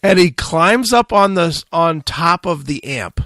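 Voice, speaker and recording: Male metal radio host, high bright voice, dry close sound, swears freely, animated teller. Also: unhurried, no echo. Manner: profane, animated storyteller acting out quotes. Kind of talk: casual storytelling.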